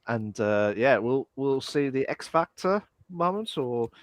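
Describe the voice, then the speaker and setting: Brief: male podcast co-host, lively, up-and-down delivery, playful, close dry mic. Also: medium pitch, unhurried, no room sound. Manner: playful, slips into silly voices. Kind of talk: casual chat.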